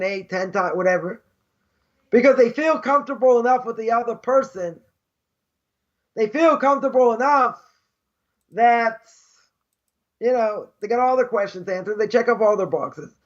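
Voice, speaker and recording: A man's voice: very high-pitched, lo-fi sound. A man teaching an informal religious class as a rabbi, telling stories in a chatty way and repeating phrases for emphasis. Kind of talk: informal Torah class with storytelling.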